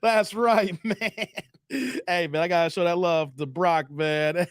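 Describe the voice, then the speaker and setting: A man hosting a casual live stream, laughing often and shouting out his viewers by name. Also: high voice, fairly even intonation, unhurried, clean tone, no room sound, clean studio sound.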